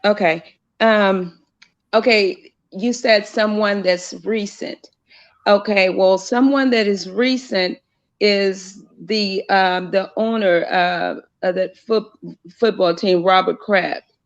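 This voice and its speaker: A woman's voice: mid-range voice, steady tone, slow pace. A woman calling in to a casual chat, hesitant and full of fillers. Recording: dull lo-fi call audio.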